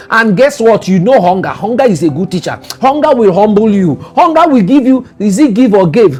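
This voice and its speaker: A man's voice: very high-pitched, darkish tone. A Nigerian man giving a motivational talk, emphatic and repetitive, with teasing asides. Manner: emphatic, repetitive and teasing, sliding into mocking voices. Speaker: motivational speaker.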